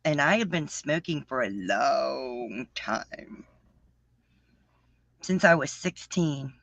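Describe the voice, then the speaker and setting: A woman in her fifties hosting a casual live chat, talking excitedly and repeating herself. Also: extremely low pitch, slow, no room sound. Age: 50s. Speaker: livestream host. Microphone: livestream setup.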